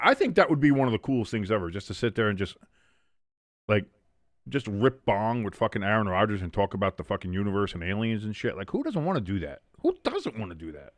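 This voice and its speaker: Lively, rambling male watch-along host. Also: on the low side, no echo, studio quality. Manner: rambling, self-mocking, swears freely. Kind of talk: casual live game commentary with banter.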